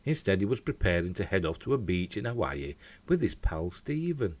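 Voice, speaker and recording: Animated Yorkshire man reading entertainment news. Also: low-pitched, a little fast. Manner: animated, jokey asides. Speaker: host.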